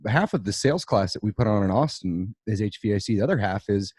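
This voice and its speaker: A man's voice: lowish voice, fast, breathy edge, no room sound. Dry-sounding man co-hosting a podcast. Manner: storytelling, animated. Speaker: podcast co-host. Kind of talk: casual chat.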